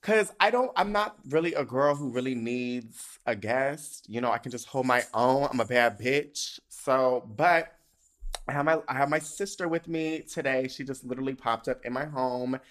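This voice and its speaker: A man hosting a podcast in casual chat, animated and sassy, swearing freely and laughing often. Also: medium pitch, normal speed. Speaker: podcast host.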